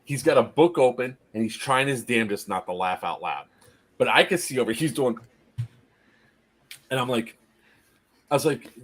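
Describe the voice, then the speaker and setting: A man telling a story casually on a live stream, animated, laughing often and acting out the people in it. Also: medium pitch, normal speed, pauses often.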